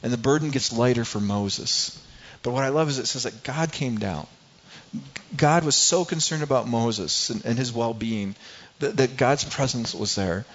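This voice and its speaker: A man's voice: medium pitch, moderate pace, dull audio. A man preaching a sermon as a pastor, earnest and asking rhetorical questions.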